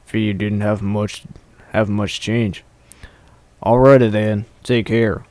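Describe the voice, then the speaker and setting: A man voicing a big, gentle, reserved stallion in a game let's play, speaking quietly and slowly. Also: lowish voice, steady tone, dry recording, voice pushed down. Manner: quiet, slow.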